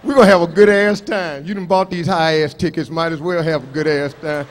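Brash high-voiced stand-up comedian man. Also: steady tone, fairly quick, a little hiss or hum. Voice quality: brash, profane, boastful. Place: live comedy show on stage.

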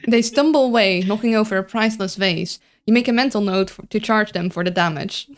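A woman's voice: medium pitch, brisk. A woman hosting a live stream, chatting casually and reading game events aloud with frequent laughter. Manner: giggly, reads story text aloud.

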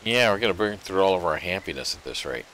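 A man's voice: sits low, lively intonation, fast talker, a bit bright, slight background noise. A man chatting easily with his partner while they play an online game at home, musing aloud and humming. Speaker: gamer co-playing online game. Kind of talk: casual gameplay chat.

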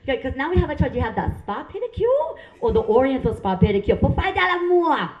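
A cheerfully pushy nail salon lady with a Vietnamese accent, as a woman comedian puts her on, sing-song and high in broken English. Her voice rings around a roomy club. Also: sing-song, fast talker, muffled recording.

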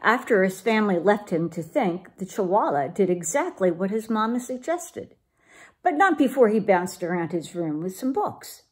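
A woman reading a children's storybook aloud to girls in an expressive, storytelling manner. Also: mid-range voice, normal speed, breathy edge. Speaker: children's program leader.

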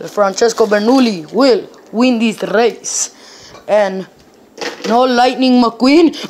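Slow, high-voiced woman playing with toy cars. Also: slight background noise. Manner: switches between high excited squeals and low mumbled asides. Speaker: storyteller voicing toy cars. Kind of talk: playful improvised toy play narration.

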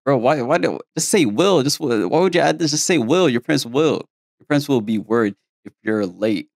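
A man's voice: mid-range voice, animated, normal speed, gravelly, dry recording. A young man hosting a let's play, commenting on a story game with joking, slangy reactions. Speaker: gaming video host.

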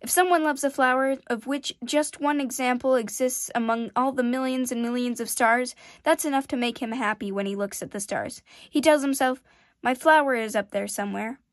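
A small, earnest boy prince with a higher, gentle voice, done by a woman reading aloud. He talks with heartfelt, pleading sincerity. The sound is dry and close to the mic. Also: moderate pace, no echo, natural voice.

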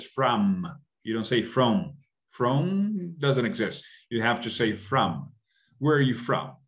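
A man's voice: medium pitch, fairly bright tone. A man teaching a recorded English lesson, chatty and coaxing, asking listeners to repeat words after him, in dull lo-fi audio.

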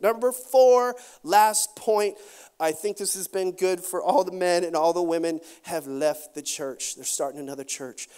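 A man preaching a sermon as pastor, animated, acting out quotes and adding quick asides. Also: sits high, clear, resonant tone.

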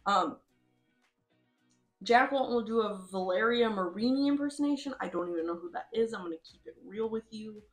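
This woman hosts a casual play-along commentary in an even, mid-range voice. She is chatty, breaks into laughs, and swears offhandedly. A little music plays softly under her. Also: medium pitch, a little fast. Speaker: host. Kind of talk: casual commentary over a game.

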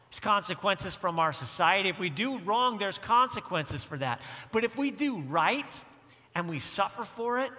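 High, bright-voiced man preaching in a hall. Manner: storytelling, emphatic repetition. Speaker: pastor. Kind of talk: sermon. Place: church.

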